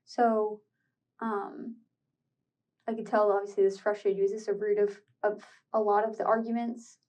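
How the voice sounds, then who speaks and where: Woman interrogator, calm probing questions, flat tone, distant room recording. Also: medium pitch, moderate pace, dull audio. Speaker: police interrogator.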